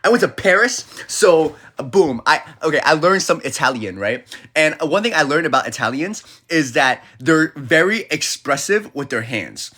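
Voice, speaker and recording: A young man talking casually into his phone on a livestream. He tells his stories with plenty of energy, acting out the people in them, and his voice leaps up and down in pitch, sitting a little high for a man. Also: moderate pace, few pauses. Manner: animated storyteller who acts out the people he quotes.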